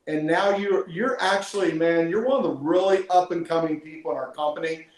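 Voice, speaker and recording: A man's voice: a little high, brisk, reverberant, low-quality recording. A man hosting a team call, talking in an emotional, earnest way and praising his guest. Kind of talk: heartfelt conversational interview. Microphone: call audio.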